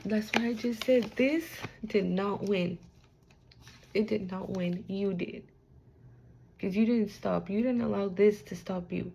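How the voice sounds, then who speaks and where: A woman's voice: mid-range voice, unhurried, vocal fry, a little mellow, a little hiss or hum. A young woman giving a casual spiritual card reading to the camera, talking in a loose, slangy way, swearing freely and speaking straight to the viewer.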